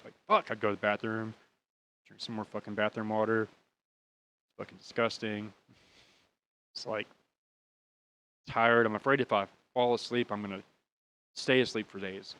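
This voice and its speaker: A man's voice: lowish voice, level tone, normal speed, long pauses, fairly bright tone. A young American man hosting a podcast, telling a personal story in a casual, rambling, profane way. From United States. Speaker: podcast host.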